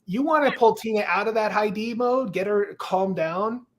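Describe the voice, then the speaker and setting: A man's voice: high voice, moderate pace. A man coaching a couple on their personality profiles, analytical and playful, acting out the things they say to each other. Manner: analytical and playful, acts out quoted remarks. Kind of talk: explaining personality profiles on a live show.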